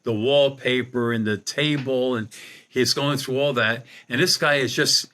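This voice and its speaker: A man's voice: medium pitch, fairly even intonation, unhurried, bright, forceful tone. A middle-aged man, a guest medium on a podcast, telling a long anecdote and acting out the dialogue. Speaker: guest medium and paranormal investigator. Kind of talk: storytelling in a podcast interview.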